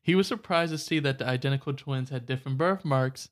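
A man speaks fast in a medium-pitched voice while co-hosting a casual podcast, telling a story and joking with his co-host. He laughs often and throws in mock Aussie "mate" asides.

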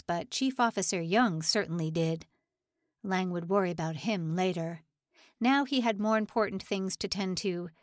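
A woman narrating an audiobook with steady, dramatic storytelling. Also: mid-range voice, no room sound, clean studio sound. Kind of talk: scripted narration.

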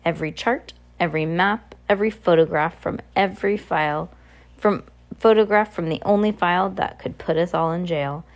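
A woman reading aloud and voicing a gleeful, boastful female arsonist villain with a deep, purring voice. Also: normal speed, natural voice.

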